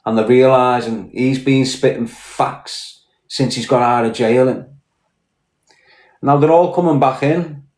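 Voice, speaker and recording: A Liverpool man with a Scouse accent rants bluntly and swears on a casual livestream, mentally worn out after hours on air. His medium-pitched voice is steady, unhurried and darkish. The recording has a roomy echo.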